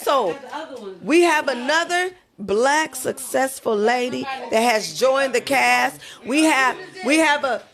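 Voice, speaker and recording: A woman's voice: high-pitched, lively intonation, slow, a bit bright. A woman co-hosting a podcast, bossy and laughing as she urges the others on in casual banter. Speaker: podcast co-host.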